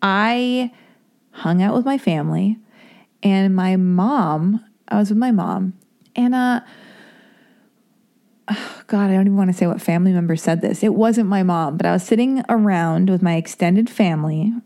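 Woman, young adult, solo podcast host; loose, filler-heavy, self-deprecating chat, warm low tone. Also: normal speed. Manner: chatty and rambling, heavy on fillers, self-mocking. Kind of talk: casual solo podcast intro.

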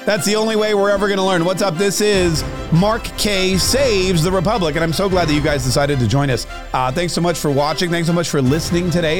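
Joking, rambling male podcast host. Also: on the high side. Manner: joking, self-mocking asides; restarts and trails off often. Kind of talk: rambling political commentary.

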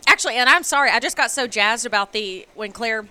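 A bright, sharp-toned woman hosts a casual podcast chat. Her slightly high voice carries playful jokes and animated stories, with a faint hum of background noise behind her. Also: fast talker. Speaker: podcast co-host. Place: on location at a sewing store.

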